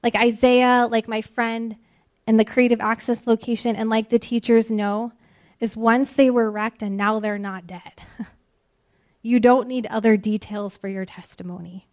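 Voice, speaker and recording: A woman with a fairly high voice delivers a devotional talk to her listeners. She speaks earnestly, drawing out key phrases with deliberate pauses for emphasis. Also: fairly even intonation. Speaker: ministry speaker. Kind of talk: devotional sermon.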